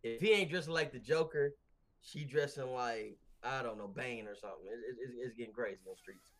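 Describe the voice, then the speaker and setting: A man co-hosting a casual wrestling podcast over a remote call, talking in a rambling, slangy, animated way and laughing often. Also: mid-range voice, brisk. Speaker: podcast co-host. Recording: remote call with glitchy connection.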